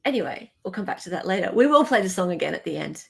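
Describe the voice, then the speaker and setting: A woman with an Australian accent hosting a casual live stream, chatting and joking with quick asides. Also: lowish voice, sing-song, creaky, darkish tone. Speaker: livestream host.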